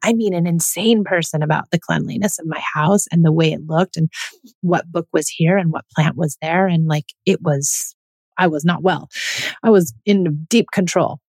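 A woman's voice: low-pitched, moderate pace, darkish tone, breathy edge, no room sound. A woman in her thirties, a mother, speaking candidly and reflectively in a personal monologue. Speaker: mother telling her parenting story.

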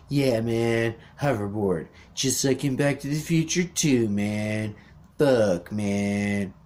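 Slow-talking, low-voiced man ranting. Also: a little mellow. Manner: rambling, sweary, sarcastic mock voices. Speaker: podcast host. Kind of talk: profane ranting monologue.

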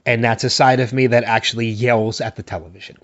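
A man's voice: medium pitch, level tone, fairly bright tone, dry recording, highs cut off. A man co-hosting a casual TV recap podcast, talking with lots of fillers and frequent laughter. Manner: halting with fillers, laughs often. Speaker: podcast co-host.

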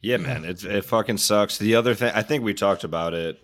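A man's voice: fairly low pitch, brisk, a bit bright, no echo, clean studio sound. A man co-hosting a casual podcast, rambling and swearing freely while he explains things. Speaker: podcast co-host.

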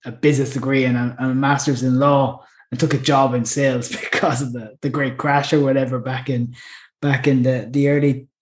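A man's voice: mid-range voice, flat delivery, a little fast. A man co-hosting a podcast in a chatty, easygoing way, laughing easily and restarting his sentences. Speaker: podcast co-host. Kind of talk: casual podcast chat. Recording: roomy echo.

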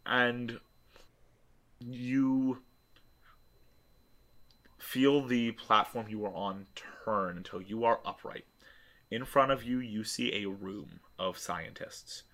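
A man's voice: mid-range voice, slow pace, long pauses, a bit bright. A man narrating a tabletop game as game master, descriptive and restarting often.

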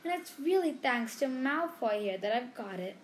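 A man's voice: very high-pitched, lively intonation, moderate pace, slight background noise. A woman voicing a gleeful young schoolboy in a storybook reading.

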